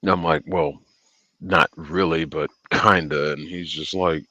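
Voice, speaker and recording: Deep-voiced man telling a rambling story. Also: unhurried, creaky, sharp tone, dry recording, low-quality recording. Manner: profane, rambling, laughs often. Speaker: livestream host. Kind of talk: casual storytelling on a livestream.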